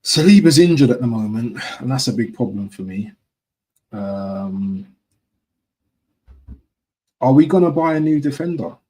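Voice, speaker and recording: A man's voice: mid-range voice, animated, measured pace, long pauses, a little mellow, rough recording. A man from talking casually to his viewers on a live stream, repeating himself and often asking "yeah?". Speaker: football fan streamer.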